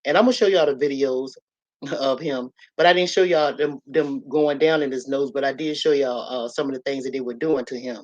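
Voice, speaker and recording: A woman's voice: very deep voice, fairly even intonation, a little fast, a little mellow, muffled recording. A woman talks to her viewers from her room at home. Her talk is blunt and earthy. She tells stories in a loose, casual flow, with lots of asides to her audience. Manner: blunt, earthy, storytelling with lots of "you know" and "y'all". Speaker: livestream host.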